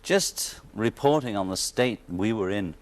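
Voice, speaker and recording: A man's voice: on the low side, animated, a little slow. A man from Liverpool with a Liverpool accent, a musician guest joking wryly on a television interview. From Liverpool, England. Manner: wry, joking, laughs often.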